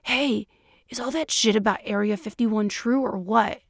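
A woman plays a brash, crude-talking man. He is blunt and punchy, slightly higher and louder than her usual voice. The sound is close and dry. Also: normal speed, no room sound.

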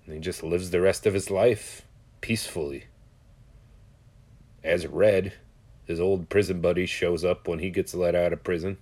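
Low-voiced man rambling and cursing. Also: fairly even intonation, moderate pace, pauses often, a little mellow. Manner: profane, storytelling, loose and conversational. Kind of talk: casual rambling monologue.

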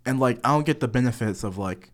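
A man's voice: mid-range voice, fast talker. A young man from the US East Coast, co-hosting a casual podcast, rambling, leaning heavily on "like" and swearing freely. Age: young adult. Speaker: podcast co-host.

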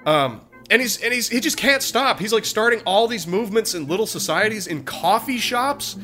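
A man casually telling a history story as a podcast co-host, animated and profane, slipping into voices for quotes. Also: high voice, moderate pace, faint music behind.

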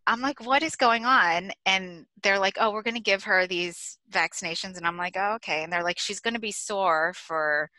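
A woman's voice: on the low side, moderate pace, few pauses, pushed and bright, no echo, rough recording. A middle-aged American woman co-hosting a podcast, telling a story animatedly and laughing as she goes. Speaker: podcast co-host. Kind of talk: casual storytelling chat.

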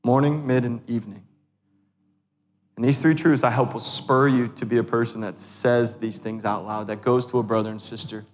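A man in his thirties, a pastor preaching a sermon in a church, animated and self-deprecating, often laughing at himself. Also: medium pitch, brisk, hardly any pauses. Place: church sanctuary. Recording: long hall reverb.

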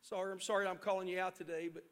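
Preaching in a church sanctuary, a middle-aged pastor moves between shouted appeals and hushed stories. His high-pitched voice is smooth and rapid-fire, with a flat delivery.

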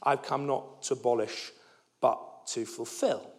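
A man preaching a sermon, emphatic and animated, often restarting words and letting his voice fall soft at the ends of phrases. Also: medium pitch, a little slow.

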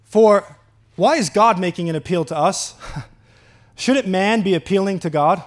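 A man with a high voice preaches a sermon with earnest wonder. He leans into key words, slows right down to let them land, and laughs out of sheer delight. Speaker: pastor.

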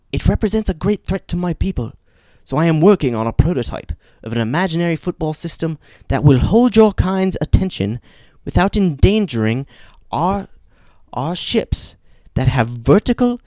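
A man's voice: on the high side, dark tone, no room sound, pitched above the performer's own voice. A man voicing a tiny greenish male alien who speaks formally and courteously in a put-on British accent.

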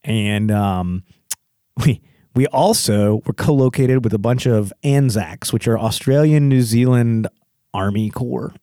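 A man in casual podcast chat, spinning anecdotes with lively energy and breaking into higher put-on voices for the people in his stories. His voice sits at an ordinary middle pitch. The sound is close and dry, with no room around it. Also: unhurried, no room sound. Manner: animated storyteller, mimics others in jumpy high voices. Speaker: podcast guest.

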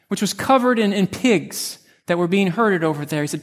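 High-voiced pastor telling a story. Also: male voice, moderate pace. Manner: vivid second-person storytelling with restarts. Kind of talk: narrative sermon.

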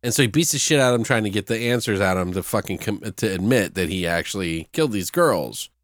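A man's voice: on the low side, animated, fast talker, no echo, studio quality. A man co-hosting a podcast, chatting loosely about a film and retelling its scenes with casual swearing. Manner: loose, profane storyteller acting out scenes. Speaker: podcast co-host. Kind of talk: casual movie review chat.

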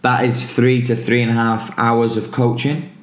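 A man's voice: mid-range voice, flat delivery, normal speed, reverberant. A man hosting a casual football podcast, laid-back as he plugs his coaching camps.

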